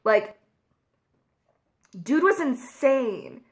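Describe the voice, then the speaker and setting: Young woman vlogger, slow and candid, emotional storytelling with lots of fillers. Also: high-pitched, sing-song. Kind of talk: casual confessional vlog while eating.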